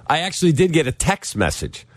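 A man's voice: fairly high pitch, sing-song, brisk, no echo. A man hosting sports radio, telling a customer-service story with wry exasperation and quoting the people in it. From Chicago. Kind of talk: casual radio banter and storytelling.

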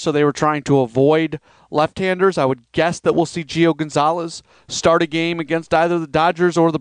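A man runs a solo sports podcast, talking loosely and conversationally and rambling as he goes. His high voice is smooth and clear, and the recording is dry and close to the mic.

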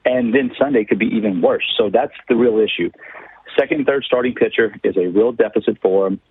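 A man's voice: fairly low pitch, brisk, slightly rough. A man from south Louisiana with a Cajun accent, a radio guest talking baseball in a folksy, joking way over a phone line. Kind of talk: casual chat on a call-in.

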